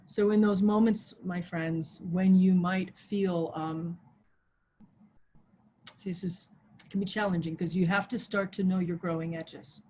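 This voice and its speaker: A woman pastor preaching a sermon over a video call, swinging from loud, soaring exhortation to a hushed prayer voice. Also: fairly low pitch, fairly even intonation, unhurried, slight background noise. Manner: impassioned, rises loud then drops to hushed prayer. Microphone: video call mic.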